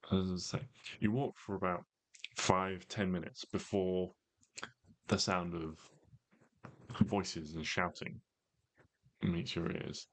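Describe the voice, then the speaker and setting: A man with a very low, deep voice runs a tabletop game as game master. He narrates in a measured way, pausing and filling gaps with ums. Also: level tone.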